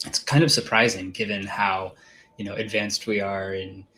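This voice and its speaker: Bright-voiced man explaining a vision. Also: fairly low pitch, level tone, slight background noise, rough recording. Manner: measured, thoughtful, some fillers. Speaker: CEO guest.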